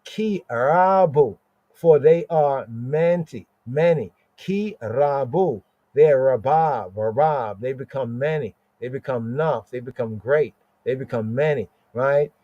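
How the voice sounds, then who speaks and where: A man hosting a live Bible study, slowly explaining Hebrew words, repeating them and often asking "right?". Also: mid-range voice, warm tone, no room sound, lo-fi sound. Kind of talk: live scripture teaching.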